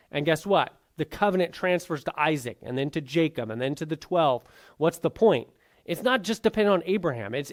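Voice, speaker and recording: A man with a high, light voice leads a church Bible class. He talks in an easy, conversational way and keeps asking his listeners whether they follow. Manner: conversational, keeps checking in with "right?". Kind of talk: teaching a Bible survey class.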